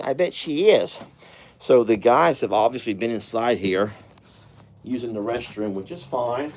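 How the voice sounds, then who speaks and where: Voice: medium pitch, lively intonation, unhurried, darkish tone. A vlogger chatting casually while doing ranch chores and cooing fondly at the animals. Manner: chatty, coos affectionately at animals. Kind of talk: casual vlog chat. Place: outdoors on a ranch.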